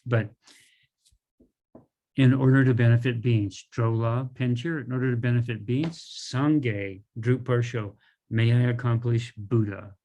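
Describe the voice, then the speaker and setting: A middle-aged man teaching a language class in a relaxed, informal way, going over words slowly and often checking in with "right?" and "okay". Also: medium pitch.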